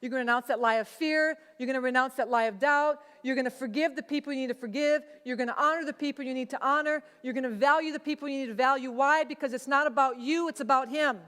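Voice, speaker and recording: A woman's voice: sits high, fast talker, hardly any pauses, fairly bright tone. Woman pastor preaching in a reverberant hall. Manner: conversational, acts out quoted voices. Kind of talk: sermon.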